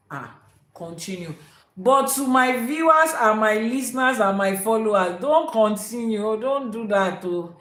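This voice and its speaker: A woman's voice: fairly high pitch, lively intonation, measured pace, a bit bright. Emphatic woman teaching spirituality. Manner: emphatic, repeats key words, quotes proverbs. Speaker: Ifa priestess and teacher. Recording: echoey room.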